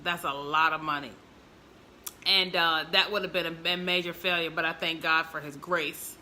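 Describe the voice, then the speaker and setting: Bright, chatty woman on a livestream. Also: deep voice, moderate pace, slight background noise. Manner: chatty and expressive, talks straight to viewers, laughs often. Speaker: entrepreneur livestreaming to followers. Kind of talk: casual livestream talk. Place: at home.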